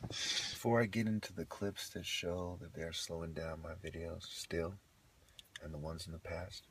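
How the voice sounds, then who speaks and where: A man's voice: sits low, flat delivery, moderate pace, slightly rough, no room sound. A man delivering a profane, scornful rant to camera and breaking into bursts of laughter. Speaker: video blogger. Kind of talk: ranting monologue to camera.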